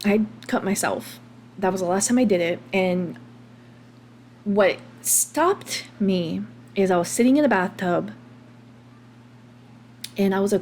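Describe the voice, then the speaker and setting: An American woman in her thirties hosts a podcast, speaking in a mid-range, slightly mellow voice at a somewhat slow pace with long pauses. It's a candid personal monologue about her own past, open and confessional, full of ums and restarts. There's slight background noise.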